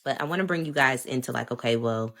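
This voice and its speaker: A woman telling a story about her marriage to viewers in a casual, animated, emphatic way. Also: extremely low pitch, fast.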